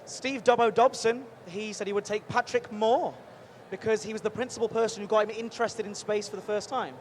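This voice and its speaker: A man hosting a live stream from a busy convention booth, chatty and energetic, rambling with quick restarts. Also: high voice. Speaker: livestream host at a game convention booth. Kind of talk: upbeat live event hosting. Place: busy convention show floor. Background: faint crowd noise.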